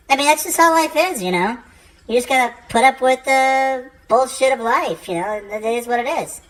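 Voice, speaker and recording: A woman's voice: fairly high pitch, fairly quick, fairly bright tone, poor audio. A woman doing a stand-up comedy routine, profane and rambling, full of fillers.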